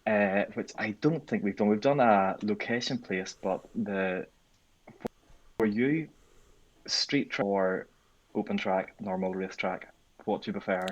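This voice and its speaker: A man co-hosting a podcast in casual chat, easygoing, asking his partner questions and chiming in with quick agreement. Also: on the low side, dull audio. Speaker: podcast co-host.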